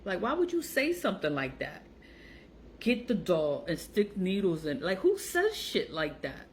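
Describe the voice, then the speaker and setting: A woman's voice: on the low side, wildly swooping pitch, a little slow, a little hiss or hum, low-quality recording. A woman giving casual, blunt commentary, sounding exasperated and mocking as she reacts to text messages. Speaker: online seller and vlogger.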